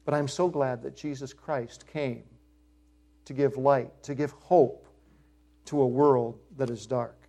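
A man's voice: medium pitch, fairly even intonation, measured pace, warm tone. A middle-aged male pastor preaching a sermon, emphatic, lifting his voice on key phrases.

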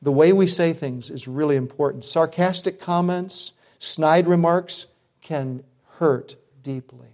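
A man's voice: on the high side, measured pace, darkish tone. A middle-aged man preaching a sermon as pastor, earnest, with self-deprecating humor.

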